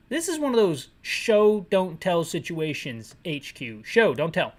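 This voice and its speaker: Lively, sarcastic woman narrating a game. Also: fairly low pitch, measured pace, hardly any pauses. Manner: sarcastic, rambling, self-correcting jokes. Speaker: game retrospective narrator and describer. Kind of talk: comedic game commentary with descriptive audio.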